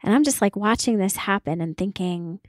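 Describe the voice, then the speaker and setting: Woman co-host, mid-pitched, thoughtful and affirming, dry sound. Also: moderate pace, dry recording. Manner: thoughtful, affirming, searching for words. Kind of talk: conversational podcast talk.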